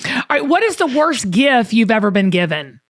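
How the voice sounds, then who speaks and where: A woman's voice: on the high side, very animated, no room sound, clean studio sound. Bubbly Southern woman hosting a talk show. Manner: bubbly, exclaiming, quick questions. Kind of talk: casual interview chat.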